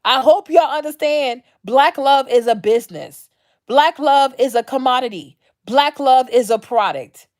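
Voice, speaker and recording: A woman vlogger delivering an unscripted rant, blunt and heavy on the swearing. She leans on slang and circles back to the same lines again and again. Her voice sits slightly higher than average. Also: unhurried, a little mellow. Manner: blunt, profane, repetitive, slangy. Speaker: vlog host.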